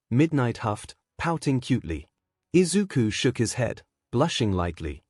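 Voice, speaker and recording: A man's voice: mid-range voice, big pitch swings, measured pace, a little mellow, no echo, clean studio sound. A man reading a fan-fiction story aloud, narrating and speaking all the characters' lines in one voice. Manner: reads every part in one voice.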